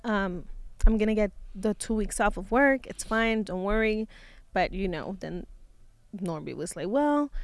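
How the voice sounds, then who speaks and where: A woman's voice: mid-range voice, clean tone, dry recording. A woman in her thirties, a mother and vlogger, telling a personal story in a casual, heartfelt way, sometimes dropping into Spanish phrases.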